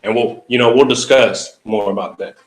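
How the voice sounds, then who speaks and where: A man hosting and interpreting a dream in a measured, halting, explanatory way. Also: mid-range voice, fairly even intonation, echoey room. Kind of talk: spiritual interpretation chat.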